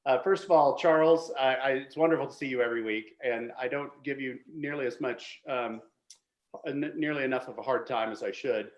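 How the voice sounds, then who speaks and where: A man's voice: mid-range voice, brisk, highs cut off. A man hosting a virtual wine tasting as the winemaker, joking and chatty with frequent restarts. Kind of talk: casual hosted chat.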